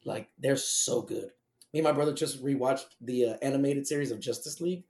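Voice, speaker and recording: A man chatting on a casual podcast, loud and profane, often laughing through his points. His voice sounds mellow and dark, and the room around him is echoey. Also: mid-range voice, brisk. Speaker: podcast co-host.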